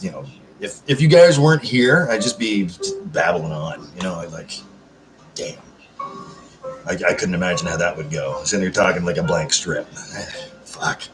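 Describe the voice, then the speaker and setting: A man's voice: sits low, expressive, moderate pace. A man hosting a casual live chat, rambling, swearing freely and answering viewer comments. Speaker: livestream host. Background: background music.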